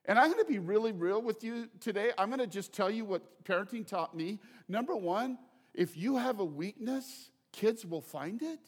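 A man's voice: sits high, expressive, normal speed, husky. A middle-aged man preaching a sermon as pastor, in a conversational, joking way with repeated phrases. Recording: long hall reverb.

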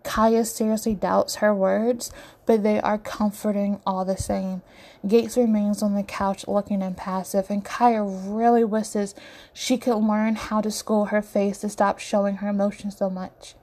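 Woman narrator, storybook reading, mellow dark tone, steady delivery. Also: medium pitch, unhurried.

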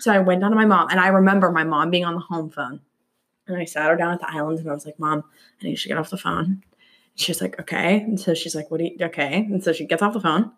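Animated young woman telling a story. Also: fast talker. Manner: animated, acts out quotes with big pitch jumps and whispers. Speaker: podcast co-host. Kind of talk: casual true-crime storytelling chat.

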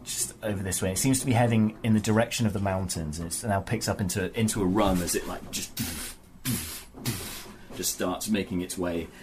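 A man narrating as game master, describing the action in a relaxed, rambling way with many fillers. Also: low voice, fairly quick. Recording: noisy background.

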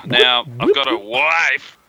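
A man's voice: mid-range voice, vocal fry, bright, forceful tone, poor audio. A man from Australia, calling in with a rambling, laid-back manner. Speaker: caller. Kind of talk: casual call-in chat.

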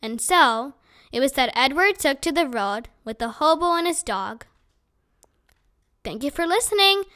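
Bright-voiced lady reading a kids book aloud, expressive, high voice. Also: normal speed. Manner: clear, expressive storytelling. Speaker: storyteller.

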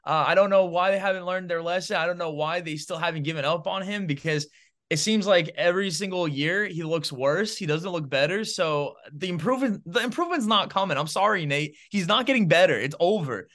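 A man with a high-pitched voice talks a little fast as he co-hosts a sports podcast, pushing his football opinions in animated, casual chatter full of "bro" and "man."

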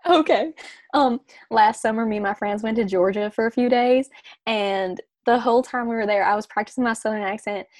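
A woman's voice: a little high, brisk, darkish tone, dry recording, studio quality. A young woman from Long Island, chatting casually and playfully, laughing often and full of slang. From Long Island, New York. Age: young adult. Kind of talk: casual chat.

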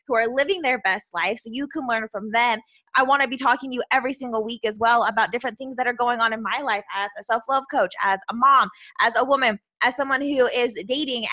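Delivering a casual solo monologue on her podcast, this Utah woman in her thirties works as a self-love coach and speaks with a Utah accent. Her fast, bubbly talk is full of "like" and "right?", and her voice is fairly high-pitched with a sharp tone.

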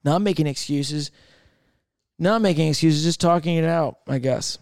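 A man hosting a solo podcast, rambling and thinking out loud in casual chat, swearing freely. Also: on the high side, moderate pace, dry recording, clean studio sound. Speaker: podcast host.

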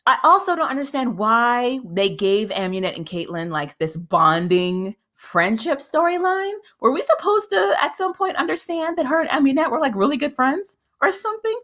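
A woman giving casual, opinionated commentary as a TV recap host, frank and animated, often jumping up in pitch when exasperated. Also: moderate pace, few pauses. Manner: frank and critical, with filler "like" and restarts.

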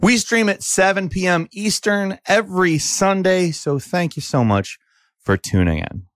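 A man's voice: sits high, unhurried, fairly bright tone, no room sound, studio quality. A man co-hosting a podcast, chatting casually and animatedly, joking and swearing. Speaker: podcast co-host. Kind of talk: casual chat.

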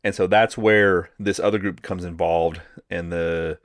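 A man's voice: sits low, steady tone, normal speed, no room sound, clean studio sound. A man co-hosting a podcast, recapping a movie's plot in a rambling, casual way with lots of fillers. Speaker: podcast co-host. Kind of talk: casual movie review chat.

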